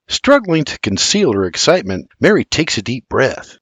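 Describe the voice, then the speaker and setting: An older man narrating an audiobook with expressive storytelling on a close studio mic. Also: medium pitch, moderate pace, hardly any pauses, breathy edge, no echo.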